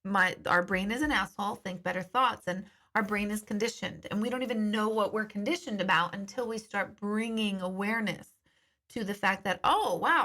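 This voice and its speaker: Chatty, bright-voiced woman host. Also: medium pitch. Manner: chatty and candid, swears casually. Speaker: intuitive host reading viewer comments. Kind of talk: casual live-stream chat.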